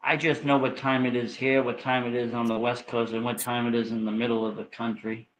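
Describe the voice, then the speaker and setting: A man's voice: mid-range voice, little pitch movement, fairly quick, a little hiss or hum, rough recording. A man from Massachusetts with a Boston accent, co-hosting a casual late-night chat with joking, profane banter. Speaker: co-host.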